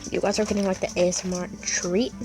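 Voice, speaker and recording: A woman's voice: on the low side, level tone, fast, over music. A woman casually commenting on a game she is playing, chatty, and cooing at and scolding her pet dog along the way. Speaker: gaming vlogger.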